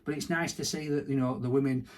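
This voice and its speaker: A man's voice: medium pitch, steady tone, fast. Chatty man with a Barnsley Yorkshire accent. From Yorkshire, England. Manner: chatty, self-mocking, full of restarts. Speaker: podcast co-host. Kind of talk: casual interview chat.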